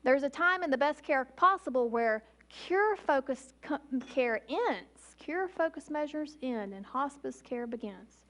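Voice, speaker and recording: A woman in her forties, an emergency physician, giving an emphatic public talk with slow, deliberate pauses. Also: high voice, animated, a bit bright.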